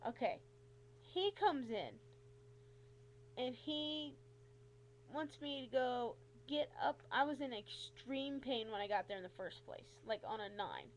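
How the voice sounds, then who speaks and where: High pitched woman ranting through a story in a vlog, lively and fed up, faint hum behind. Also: poor audio. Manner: animated, exasperated retelling with frequent asides. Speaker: vlogger. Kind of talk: casual storytelling to camera.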